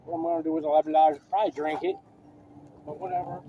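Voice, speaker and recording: High-pitched male vlogger; rambling, swearing, heated storyteller. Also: little pitch movement, racing, phone-quality sound, background noise. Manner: profane, rambling, gets worked up. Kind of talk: rambling story rant vlog.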